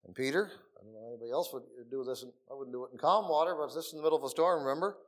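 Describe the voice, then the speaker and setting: A middle-aged man preaching a sermon in a meeting room, earnest, dropping to soft murmurs and rising again for emphasis. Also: medium pitch, very fast.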